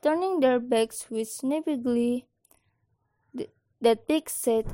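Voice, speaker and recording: Woman storyteller, slow, mellow, slightly high voice, dry recording. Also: no room sound. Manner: slow, gentle, expressive reading. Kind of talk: reading a children's story aloud.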